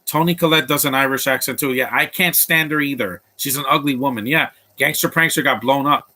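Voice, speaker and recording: A man with a bright, forceful voice talks over a movie as it plays, tossing out blunt opinions and rambling asides. His pitch sits in an ordinary middle range for a man. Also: a little fast. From Latino background. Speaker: movie commentator. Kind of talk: live movie commentary.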